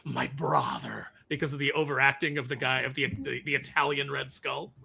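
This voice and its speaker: A man co-hosting a casual podcast chat, telling animated stories that jump into comic exaggeration. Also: mid-range voice, fast, vocal fry. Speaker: podcast co-host.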